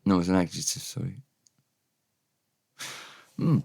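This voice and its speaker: Slow low-voiced teacher. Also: male voice. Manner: relaxed, off-the-cuff, repeats each word for learners. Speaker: Welsh language teacher. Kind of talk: informal vocabulary lesson.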